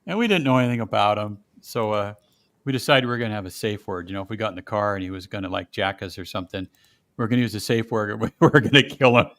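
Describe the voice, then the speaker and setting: A man hosting a casual chat, telling lively stories and laughing often. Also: lowish voice, quick pace, no echo. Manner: animated storyteller, laughs often, puts on voices in quotes. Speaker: podcast host.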